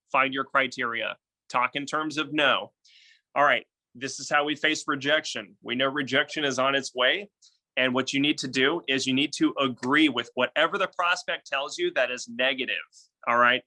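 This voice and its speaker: Blunt, fired-up man coaching sales. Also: mid-range voice. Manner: blunt, energetic and direct, with casual swearing. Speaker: real estate sales coach. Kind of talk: casual sales training talk.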